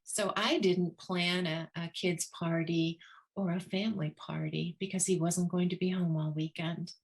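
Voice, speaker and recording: A woman who leads a children's divorce program, telling a story in an earnest way and acting out the voices of the people she quotes. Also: on the low side. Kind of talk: storytelling talk.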